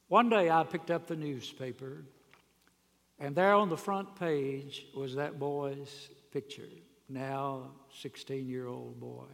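Man preacher, fairly high voice, folksy sermon with loud emphatic peaks, church hall reverb. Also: vocal fry. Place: church sanctuary. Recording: long reverb of a large hall.

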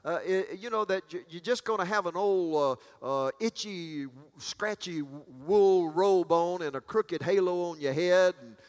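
A man's voice: high-pitched, unhurried, few pauses. A man preaching a sermon in a church, folksy and emphatic, stumbling into frequent restarts, with long reverb. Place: church sanctuary.

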